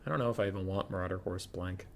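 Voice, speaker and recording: A man's voice: low voice, racing, creaky. A young man casually commentating his own strategy game stream, chatty and thinking aloud.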